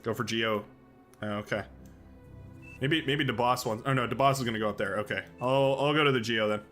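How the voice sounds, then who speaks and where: A chatty man livestreaming a strategy game, thinking out loud and getting excited as things happen. His voice is bright and forceful. Faint music plays quietly underneath. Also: mid-range voice, a little fast. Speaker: streamer playing a strategy game. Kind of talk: live game-stream commentary.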